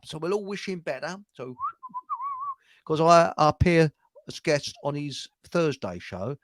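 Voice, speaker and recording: A man's voice: a little high, lively intonation, unhurried, no echo. A man hosting a casual online chat show, rambling, telling jokes and laughing at them. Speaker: show host.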